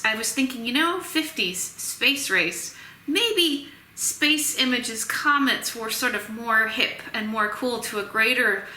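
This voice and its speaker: Female lecturer, recorded class, bright, fairly high voice, chatty with fillers, echoey room. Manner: chatty, full of fillers and restarts. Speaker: music history lecturer. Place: Tennessee.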